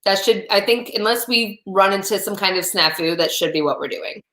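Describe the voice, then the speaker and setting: A woman's voice: medium pitch, moderate pace, sharp tone. A woman, a guest singer, chatting casually and laughing easily. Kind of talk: casual livestream chat. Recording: echoey room with music behind.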